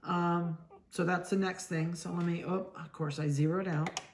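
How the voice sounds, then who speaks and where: A middle-aged woman from Ohio, a dog breeder, chatting casually as she handles puppies and talks softly to them. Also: lowish voice, steady tone, normal speed, slight background noise.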